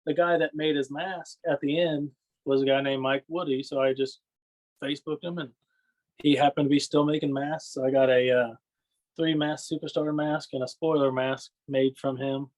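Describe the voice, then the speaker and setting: A man chatting as a podcast guest, his voice sitting a bit higher than most men's. He rambles through loose stories and keeps checking in with "you know what I mean", laughing now and then. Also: flat delivery, normal speed, a little mellow. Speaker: podcast guest, wrestling fan. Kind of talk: casual storytelling chat.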